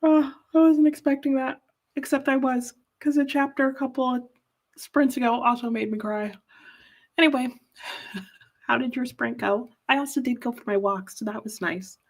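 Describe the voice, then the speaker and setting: A woman's voice: high voice, fairly even intonation, moderate pace, darkish tone. A woman hosting a live reading stream, chatting casually and rambling about books while teary. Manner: chatty, rambling, laughs easily. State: teary, emotional. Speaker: livestream host. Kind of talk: casual chat.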